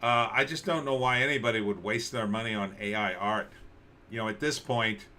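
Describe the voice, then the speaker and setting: With a sharp tone at a moderate pace, a livestream host whose voice sits on the low side riffs sarcastically on the news in a casual, rambling way, restarting often. There's slight background noise.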